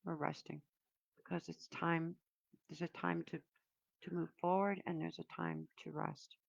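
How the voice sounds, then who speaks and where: Low raspy-gravelly woman doing a chatty card reading for her viewers, wanders and pauses a lot, dull lo-fi audio. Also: level tone, no room sound. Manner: meandering, reflective, with frequent pauses and fillers. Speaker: oracle card reader.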